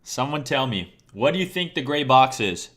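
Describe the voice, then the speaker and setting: A man's voice: medium pitch, very animated, moderate pace, fairly bright tone. Male trading streamer, casual and profane, teaches by quizzing his live audience. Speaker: trading educator. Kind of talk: live-streamed chart lesson.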